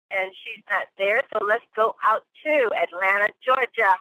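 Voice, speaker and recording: A woman hosting a conference call, briskly and cheerfully calling on speakers. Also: medium pitch, sharp tone, no room sound, poor audio. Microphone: phone line.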